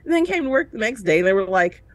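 A woman's voice: medium pitch, big pitch swings, fast talker. A woman co-hosting a casual review chat, recounting a painful story and acting out the people in it with big leaps of voice. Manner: emotional storytelling with big voiced reenactments, laughing through tears. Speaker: co-host of a reality show review podcast.

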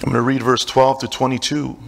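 A man's voice: mid-range voice, flat delivery, fairly quick, gravelly, slight background noise. A middle-aged man preaching a sermon as pastor, with an emphatic, repetitive cadence and casual asides.

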